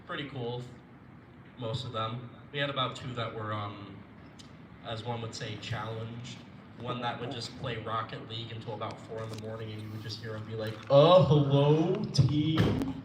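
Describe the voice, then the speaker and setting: A man's voice: lowish voice, little pitch movement, normal speed. A young comedian rambles through a profane stand-up set and loses his thread now and then. He is recorded from a distance in an echoey room. A lot of noise sits under his voice. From Florida. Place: live comedy venue.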